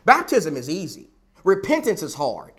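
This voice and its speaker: A man's voice: a little high, wildly swooping pitch, moderate pace, a bit bright. A man preaching a sermon, emphatic and repetitive, building his points with rhetorical questions.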